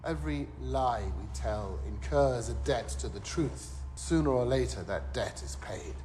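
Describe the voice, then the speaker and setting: A man's voice: mid-range voice, measured pace, dark tone, a little hiss or hum, close to an everyday voice. An actor playing a grave male Soviet scientist giving testimony, with solemn, earnest declarations.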